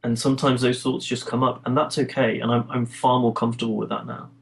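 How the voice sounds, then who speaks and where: A man's voice: mid-range voice, level tone, fast talker, vocal fry, poor audio. A British man, a coach, speaking as an interview guest, reflective, often restarting and repeating words. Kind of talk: interview conversation.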